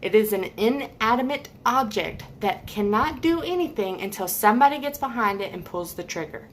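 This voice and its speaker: A woman's voice: mid-range voice, lively intonation, normal speed, a little hiss or hum. A woman giving a heated, emphatic opinion rant to camera, repeating points for stress. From United States. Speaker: vlogger.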